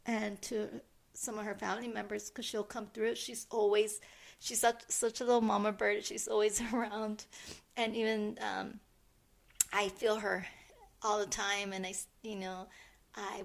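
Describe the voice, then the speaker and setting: Middle-aged woman on a podcast, bit of fry, soft, stops and restarts a lot. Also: mid-range voice. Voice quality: soft, halting, many restarts. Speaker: podcast co-host, medium. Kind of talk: casual chat.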